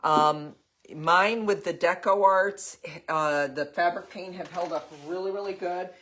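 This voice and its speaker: With a lowish, slightly bright voice and a measured pace, an older woman hosts a casual live craft demo over a faint hiss or hum. She chats away with viewers, answering comments as she goes, rambling with frequent ums and the occasional cough.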